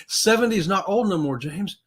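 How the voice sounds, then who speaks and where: This middle-aged livestream host takes his time, his voice pitched slightly high for a man. Reading viewers' comments in a laid-back chat, he stays folksy and cheerful and frequently breaks into chuckles.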